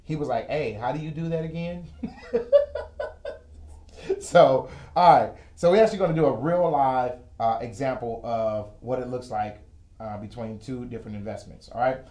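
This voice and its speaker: Give me a chatty man running a live finance class, his mellow voice bouncing around an echoey studio. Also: medium pitch, moderate pace. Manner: casual, joking, chatty teaching. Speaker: host and financial educator. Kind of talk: live-streamed finance lesson. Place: broadcast studio with a whiteboard. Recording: echoey room.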